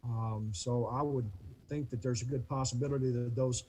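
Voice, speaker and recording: A man on a video call giving public comment to a city planning commission, halting and repeating words. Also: medium pitch, steady tone, dark tone, slight background noise, rough recording. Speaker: neighbor addressing the commission.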